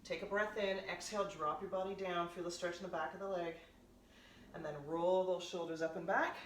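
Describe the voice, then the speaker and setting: A woman's voice: on the low side, fairly even intonation, a little fast. Woman fitness coach, peppy cues, kinda breathless, echoey room, noisy. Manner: upbeat coaching, counts down reps. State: out of breath at times. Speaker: fitness instructor. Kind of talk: workout instruction. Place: home workout space. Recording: roomy, distant, noisy home recording.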